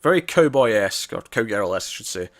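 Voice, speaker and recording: A man co-hosting a casual TV review podcast, talking in an animated, exasperated way and swearing now and then. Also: fairly low pitch, a little fast, no room sound, clean studio sound. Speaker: podcast co-host.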